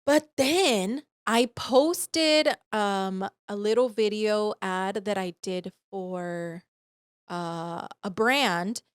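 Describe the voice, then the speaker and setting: A young woman co-hosting a podcast, telling a story in animated, profane casual chat and acting out the voices she quotes. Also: mid-range voice, very slow, clear, resonant tone, no echo, studio quality. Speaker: podcast co-host. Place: podcast studio.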